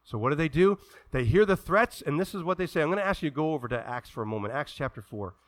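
A male pastor preaching a sermon, acting out the voices of people in the scripture stories and swinging from hushed, low asides to loud, fervent, drawn-out calls. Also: no echo.

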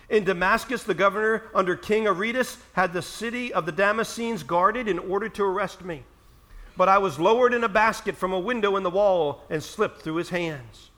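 Bright high-voiced preacher man. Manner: animated preaching, reads scripture aloud with slow emphasis. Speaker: pastor. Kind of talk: sermon.

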